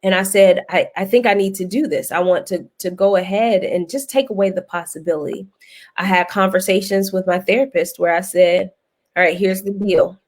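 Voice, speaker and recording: A woman hosting a casual panel conversation, speaking in a lilt. She tells stories with animation and laughs often. Her voice sits at an ordinary middle pitch. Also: normal speed. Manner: animated storyteller, laughs often, folksy phrasing. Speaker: guest host.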